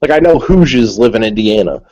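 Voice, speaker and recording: A man's voice: medium pitch, lively intonation, brisk, a little mellow, highs cut off. A man from New England with a Massachusetts accent, rambling and swearing through stories in a casual chat on a group call. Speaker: panelist.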